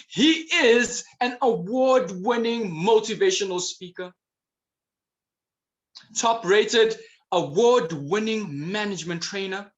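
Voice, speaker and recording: A man emcees a conference with a fairly high voice for a man. He is exclamatory and playful, and he teases out a guessing game with hints. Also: animated, slow pace, lo-fi sound. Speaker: event host. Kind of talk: enthusiastic emcee patter.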